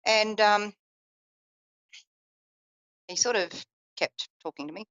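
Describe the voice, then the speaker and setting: A woman's voice: slow, no echo, highs cut off. A woman psychic telling a personal family story on a radio show, acting out the people she quotes. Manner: lively, acts out quoted family voices in a raised pitch.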